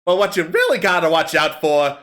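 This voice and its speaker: A man's voice: on the high side, big pitch swings, a little fast, fairly bright tone. A man doing a sleazy kobold comic. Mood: smarmy joking. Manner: crude punchline delivery, rambling setups. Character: sleazy male kobold stand-up comic, crude. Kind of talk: comedic tabletop role-play.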